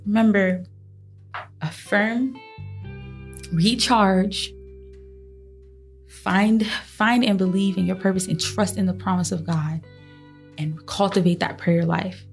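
A woman's voice: medium pitch, steady tone, slow, pauses often, soft background music. A woman hosting a motivational faith podcast, speaking earnestly and encouragingly to her listeners, often breaking into laughter. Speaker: podcast host.

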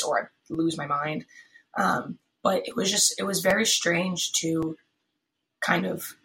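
Twenties woman podcasting at home, low gravelly voice, kinda tired and rambly, faint hiss and pen clicks. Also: bright, forceful tone, rough recording. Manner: rambling, filler-heavy, frequent restarts; tired, yawning. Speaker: podcast host. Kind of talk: casual solo podcast chat.

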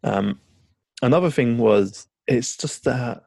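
A man's voice: medium pitch, slow pace, gravelly, darkish tone, no room sound. A man co-hosting a podcast, chatting eagerly and rambling, swearing now and then. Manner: enthusiastic, rambling, swears casually. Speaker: podcast co-host. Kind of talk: casual chat.

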